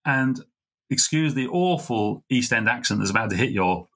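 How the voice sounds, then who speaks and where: A middle-aged man, a podcast guest, telling a heartfelt story in an earnest, halting way. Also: mid-range voice, animated, fairly bright tone. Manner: earnest, halting, full of fillers and restarts. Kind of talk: conversational storytelling.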